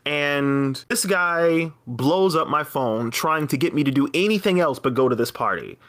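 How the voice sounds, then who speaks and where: Animated high-voiced young man telling a story. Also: measured pace. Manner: animated, acts out quoted people with jumps in pitch. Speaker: podcast storyteller. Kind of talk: casual storytelling chat.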